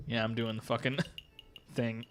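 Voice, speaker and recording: A man's voice: medium pitch, flat delivery, measured pace, a bit bright. A man streaming a game live, commenting casually with frequent swearing and laughter.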